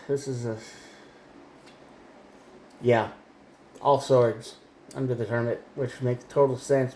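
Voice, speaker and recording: Man, tarot reader, rambling and emphatic, frequent restarts, mellow tone, echoey room. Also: mid-range voice, slight background noise. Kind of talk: tarot reading monologue.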